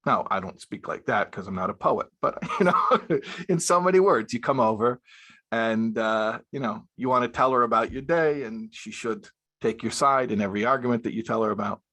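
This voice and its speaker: A man's voice: medium pitch, moderate pace, bright, forceful tone. A man, a rabbi, giving a sermon-style talk to young married men, emphatic and repeating his key phrases, with Hebrew and Yiddish terms mixed in. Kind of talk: spoken sermon-style lecture.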